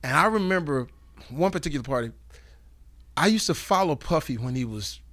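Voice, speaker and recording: A man guest telling animated, profane stories in a casual interview, acting out the dialogue. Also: a little high, fairly quick, dry recording. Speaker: guest, comedian and actor.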